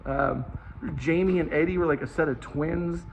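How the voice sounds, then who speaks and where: Animated, slightly high-voiced storyteller man. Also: normal speed, creaky, a little hiss or hum, rough recording. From Liverpool, England. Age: 40s. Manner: animated, swears freely, self-mocking. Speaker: vlogger telling a childhood story. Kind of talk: casual storytelling.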